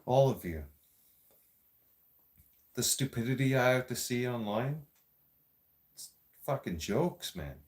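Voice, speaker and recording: A man's voice: medium pitch, lively intonation, slow pace, pauses often. A man with a Toronto Canadian accent, ranting to camera in a blunt, profane and sarcastic vlog monologue. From Greater Toronto Area, Canada. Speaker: vlogger.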